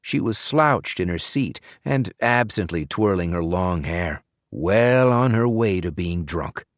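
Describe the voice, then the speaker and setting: A man narrates a first-person audiobook in a low, lively voice. He tells the story in a measured, expressive way. The booth sound is dry and close. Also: no echo.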